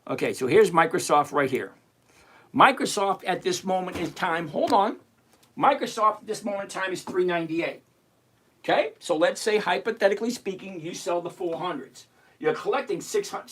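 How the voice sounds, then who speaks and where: A man's voice: sits high, normal speed, slightly rough. A man hosting a livestream on trading, answering viewers' chat questions in a casual, teasing, emphatic way. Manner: animated, teasing, emphatic with repetition.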